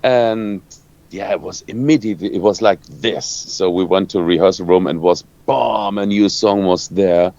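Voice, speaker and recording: A lower-pitched man with a German accent, talking through an interview in halting English and stopping often to hunt for the next word. The sound is dull and lo-fi, dry with no room around it. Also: creaky, darkish tone, no room sound. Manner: halting, searching for words, many restarts. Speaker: rock guitarist. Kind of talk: interview answers.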